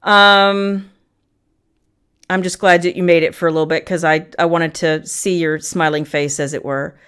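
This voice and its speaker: A middle-aged woman hosting a casual livestream from her family room, chatting warmly with viewers and greeting them by name between frequent ums. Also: fairly low pitch, fairly even intonation, moderate pace, clear, resonant tone. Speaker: livestream host.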